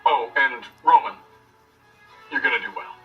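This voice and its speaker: A man voicing a brisk male monster hunter in a tabletop game. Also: mid-range voice, lo-fi sound, natural voice. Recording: distant with faint music.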